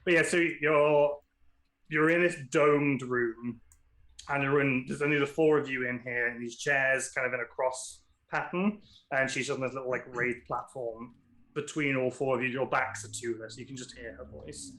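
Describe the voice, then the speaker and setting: A man's voice: medium pitch, steady tone, moderate pace, fairly bright tone. A man narrating and running a tabletop game as game master, casual and often laughing. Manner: casual, laughing, loose with fillers.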